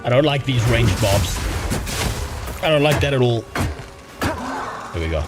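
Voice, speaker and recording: A man's voice: mid-range voice, animated, unhurried. A young man streaming a video game, chatting casually in a blunt, profane and rambling way while reading chat. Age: young adult. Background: game music.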